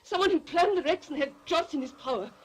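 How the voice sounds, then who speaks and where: An actress playing a frightened middle-aged woman who urgently confides a dark secret, in 1930s film acting style, from a hissy old film soundtrack. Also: high-pitched, fast, lightly acted. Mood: fearful, urgent.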